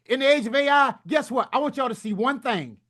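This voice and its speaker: A man's voice: very high-pitched, animated, brisk, sharp tone. A man giving a hyped motivational talk as a book coach, preaching in call-and-response with folksy turns of phrase. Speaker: book coach and summit speaker.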